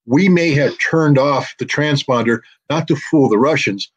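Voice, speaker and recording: Blunt, combative man with a husky voice. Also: mid-range voice, measured pace, rough recording. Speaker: guest commentator. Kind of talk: interview, heated commentary.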